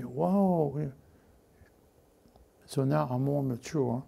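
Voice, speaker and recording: Man, pastor, gravelly, warm, lively sermon, restarts and repeats. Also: medium pitch, measured pace, pauses often. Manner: animated, repeats words, acts out characters. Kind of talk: lively sermon with acted-out voices.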